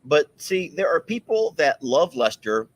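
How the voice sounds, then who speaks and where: A man's voice: on the high side, sing-song, measured pace, dry recording. A man hosting a casual livestream outdoors on a farm, chatty and teasing. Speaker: livestream host.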